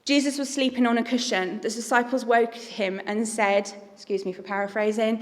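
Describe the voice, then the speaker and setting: A woman's voice: medium pitch, moderate pace. Earnest woman preaching in a hall. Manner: earnest and conversational, with frequent "like". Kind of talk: sermon.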